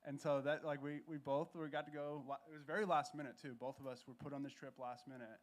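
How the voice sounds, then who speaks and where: A man appearing as a guest on a church stage, telling his story in a relaxed, conversational way, correcting himself as he goes and joking along with the host. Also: a little high, fast talker.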